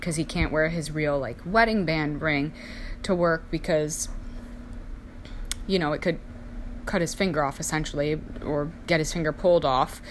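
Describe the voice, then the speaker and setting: A woman's voice: deep voice, steady tone, normal speed, a little hiss or hum. A young woman telling a personal story in a casual, chatty way, full of "like" fillers. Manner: chatty, many "like" fillers, acts out quoted voices. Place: indoors, sipping coffee while talking.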